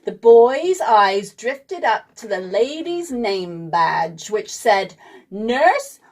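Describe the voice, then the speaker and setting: A woman's voice: medium pitch, very animated, takes it slowly. A woman reading a children's storybook aloud at home, playful and giving the characters voices.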